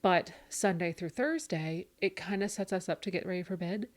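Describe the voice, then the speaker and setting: Lowish-voiced woman in her 30s, chatty podcast talk, gets animated telling stories about her kids. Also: moderate pace. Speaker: podcast co-host. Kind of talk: casual chat.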